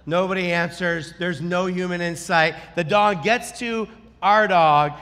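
A man preaching a sermon, telling a story in an animated way and acting out the lines he quotes. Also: high-pitched, a little slow, smooth, in a large hall. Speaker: pastor.

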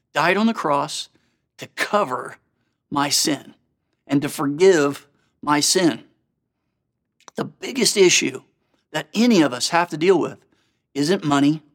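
A man's voice: a little high, fairly bright tone. A man preaching a sermon, earnest and conversational, with frequent rhetorical questions to his listeners. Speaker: pastor.

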